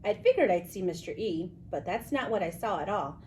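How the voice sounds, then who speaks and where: A woman reading a children's book aloud with animated storytelling. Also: on the low side, fairly quick, a little hiss or hum, low-quality recording. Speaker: reader.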